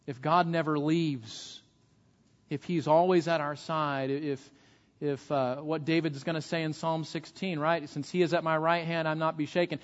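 A man with a fairly high voice delivers an earnest sermon, restarting his sentences with repeated words. He sounds like a pastor speaking to a congregation. The recording is muffled and carries a long hall echo.

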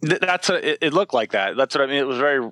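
A man with a bright, sharp-edged voice trades opinions on a horror movie in loose, casual chat. He gets animated, laughs easily and swears freely. The sound is dry and close. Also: mid-range voice, fast, no room sound.

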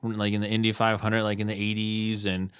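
Low-voiced man telling loose stories. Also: monotone, a little fast, fairly bright tone, clean tone. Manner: loose storytelling, says "dude" and "like". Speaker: podcast co-host. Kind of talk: casual chat. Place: studio.

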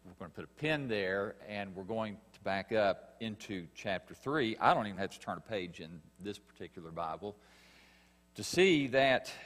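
A man preaching a sermon, earnest and emphatic, pausing and rising in stress as he reads scripture. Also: lowish voice, fairly bright tone, long reverb tail. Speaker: pastor.

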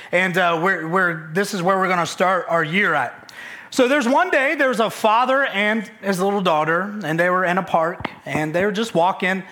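High, bright-voiced energetic preacher man. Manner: energetic, conversational, many fillers and restarts. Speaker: pastor. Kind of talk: sermon.

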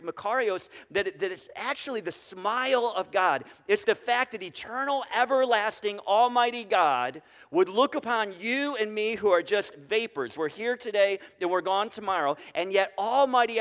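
Male pastor, high voice, conversational sermon with questions to the room, hall reverb. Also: a bit bright. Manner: conversational, asks the congregation questions. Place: church sanctuary.

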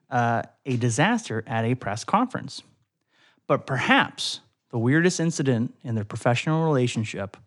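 A young man co-hosting a casual podcast, reading odd stories aloud and laughing often. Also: mid-range voice. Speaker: podcast co-host. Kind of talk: casual chat, reading trivia.

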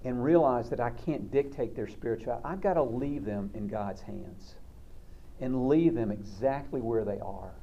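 A man's voice: medium pitch, normal speed, dark tone, muffled recording. A man counselor giving a sermon-like talk, conversational and storytelling, often repeating words.

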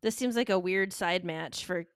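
A woman's voice: fairly low pitch, normal speed, clean tone, dry recording, studio quality. A woman co-hosting a casual wrestling podcast, enthusiastic, chatty and giggly. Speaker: podcast co-host.

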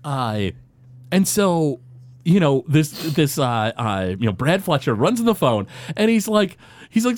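Guy recapping an episode on a podcast, pitch jumping all over, dry close sound, lots of uhs. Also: big pitch swings, moderate pace, dry recording. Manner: rambling, lots of filler words. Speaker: podcast co-host. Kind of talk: casual recap chat.

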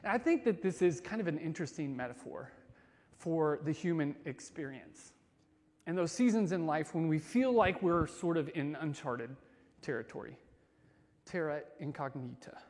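Lively man preaching in an echoing hall. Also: fairly high pitch, normal speed. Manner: conversational, lively swings between loud and soft. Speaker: pastor. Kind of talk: sermon.

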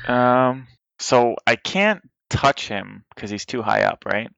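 A man playing a tabletop role-playing game, excitable and quick to exclaim. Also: medium pitch, vocal fry, clean tone, no echo, highs cut off. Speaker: player. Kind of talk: casual tabletop game play.

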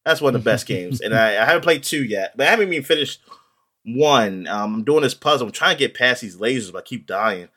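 A man's voice: medium pitch, animated, quick pace, pushed and bright. A man chatting casually in a podcast, rambling with many ums and restarts. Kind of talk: casual chat about video games.

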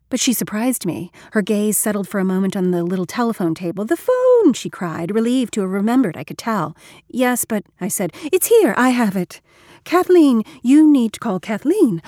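A woman's voice: mid-range voice, darkish tone, no room sound, clean studio sound. A woman reading a first-person audiobook in a wry, slangy, conversational voice. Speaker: audiobook narrator.

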